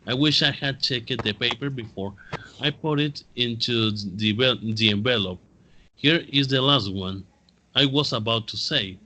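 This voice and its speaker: Bright-voiced male student, hesitant. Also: mid-range voice, measured pace, a little hiss or hum. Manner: careful, hesitant speech with fillers. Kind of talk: student answering in class.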